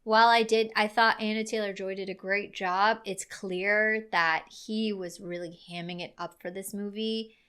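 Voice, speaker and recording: A woman's voice: mid-range voice, steady tone, moderate pace, few pauses, pushed and bright, clear, resonant tone. A woman co-hosting a movie review in a casual, chatty way, often breaking into laughter. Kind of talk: casual chat.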